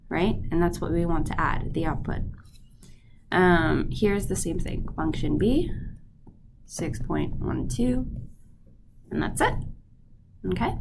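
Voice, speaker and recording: A woman's voice: lowish voice, creaky, background noise. A woman teaching a math lesson, stuffy-nosed, patiently checking in with her students as she goes. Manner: patient, checks in with "right?" and "okay?". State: stuffy nose.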